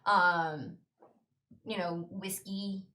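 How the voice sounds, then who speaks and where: A young woman running a tabletop game as game master, chatty and excitable, her talk full of fillers. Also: mid-range voice, drawn-out words, echoey room.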